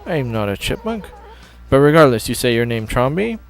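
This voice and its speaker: A man's voice: medium pitch, very animated, a little fast. A man reading as a snooty animal villager. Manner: condescending.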